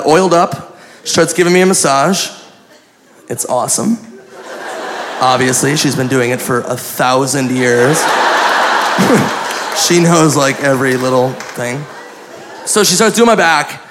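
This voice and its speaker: A man's voice: fairly high pitch, measured pace, pauses often, fairly bright tone. A man doing crude stand-up storytelling on a club stage, laughing through his punchlines. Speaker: stand-up comedian. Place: comedy club stage with live audience. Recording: live club recording with crowd laughter and noise.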